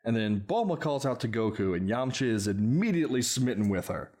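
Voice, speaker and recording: Brief Male podcast host, mid-pitch, wry recap narrator who laughs easily. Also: sing-song, a little fast, a little mellow. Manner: wry play-by-play, laughs often at his own jokes. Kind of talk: casual podcast chat recapping a film.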